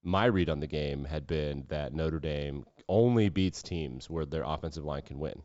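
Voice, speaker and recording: A deep-voiced man hosts a casual podcast and gives his sports betting picks, opinionated and brash, cursing freely. The sound is dry and a little dull, with no room around it. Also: normal speed, darkish tone, no echo. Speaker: podcast host.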